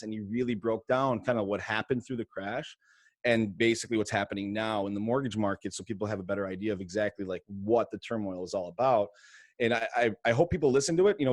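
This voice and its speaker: A man with a fairly low voice, talking loosely and casually on a video call. The sound is dry and close, with little room around it. He rambles a bit and restarts his sentences often. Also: no echo. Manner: quick and loose, lots of fillers and restarts. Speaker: mortgage lender and podcast host. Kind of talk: casual interview on a livestream. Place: home podcast studio.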